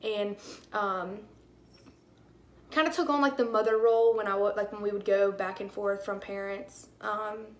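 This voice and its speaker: A woman's voice: mid-range voice, fairly even intonation, moderate pace. A young woman hosting a personal podcast monologue, emotional and rambling, with many "like" fillers. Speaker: podcast host.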